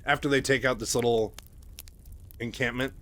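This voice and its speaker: A man's voice: medium pitch, steady tone, normal speed, a bit bright. A young man casually retelling a book's story, chatty and full of asides and fillers. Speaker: channel host.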